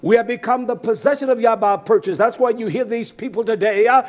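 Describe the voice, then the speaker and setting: A man preaching a sermon, emphatic, swinging between loud bursts and low murmurs and asking his listeners direct questions. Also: a little fast. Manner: addresses congregation directly with questions.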